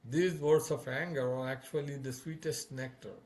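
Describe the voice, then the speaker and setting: A man voicing a charming young male divine lover who flatters and pleads in a raised, louder voice. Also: medium pitch, moderate pace, lightly acted. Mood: coaxing.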